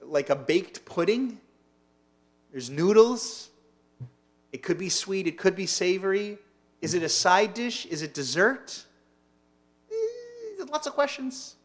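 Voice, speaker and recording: A man's voice: sits high, animated, measured pace, pauses often. A man teaching as a rabbi in a casual online lunch-and-learn, chatty and digressive, often asking his listeners questions.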